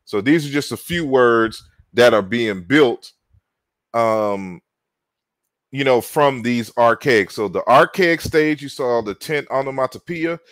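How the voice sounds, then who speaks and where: Slow, halting male lecturer. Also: mid-range voice, fairly bright tone, dry recording. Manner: halting, many fillers and repeated words. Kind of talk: slide-based lecture.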